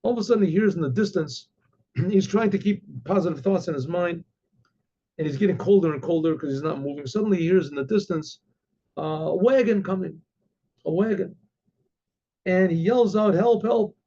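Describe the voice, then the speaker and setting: A male rabbi telling a story in a halting, unhurried way, often pausing to clear his throat. His voice is gravelly and husky, with a dark tone. It comes through a dull, lo-fi recording. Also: sits high.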